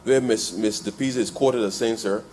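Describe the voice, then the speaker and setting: A man's voice: fairly low pitch, normal speed, slight background noise. Barbadian man debating in parliament. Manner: addresses the chair as "sir" nearly every phrase; repeats and restarts phrases, building to forceful emphasis. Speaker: member of parliament. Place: parliament chamber.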